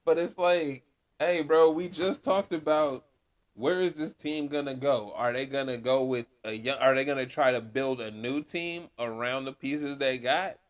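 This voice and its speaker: A man co-hosting a podcast, chatting about sports in an animated way, laughing and acting out quoted exchanges. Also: mid-range voice, measured pace. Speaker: podcast co-host. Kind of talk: casual sports banter.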